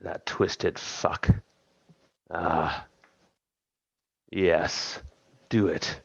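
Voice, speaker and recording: A man voicing an ancient female patron goddess who speaks slowly and commandingly. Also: sits low, little pitch movement, creaky, breathy edge, no room sound, highs cut off, voice pushed down, heavily acted. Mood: imperious. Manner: slow, measured, imperious speech.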